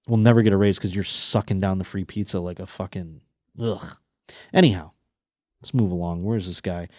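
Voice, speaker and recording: A man hosting a podcast in casual comedic chat, crude and animated, swearing constantly and mocking the stories he reads. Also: sits low, moderate pace, dry recording, studio quality. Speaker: podcast host.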